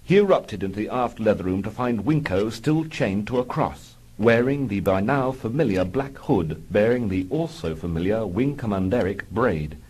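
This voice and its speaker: Male narrator: low, husky, deadpan comic storyteller, lively pitch. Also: normal speed, hardly any pauses, poor audio. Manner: dry, mock-heroic narration.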